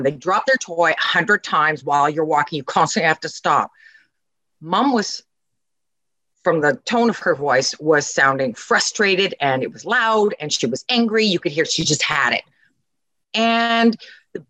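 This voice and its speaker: A middle-aged woman, appearing as a podcast guest and parenting coach, talks casually and emphatically, acting out the lines she quotes. Her voice is on the low side and a bit bright, captured in a dry recording.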